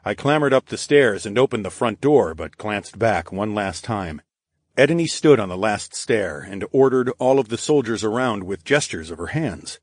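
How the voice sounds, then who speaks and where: A man narrating a first-person audiobook in a steady, measured way. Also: on the low side, no echo, studio quality.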